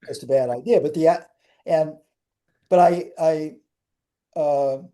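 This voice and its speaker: Older man, interview guest, wry anecdotes, slightly high voice, warm dark tone. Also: takes it slowly. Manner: wry, rambling storyteller with restarts.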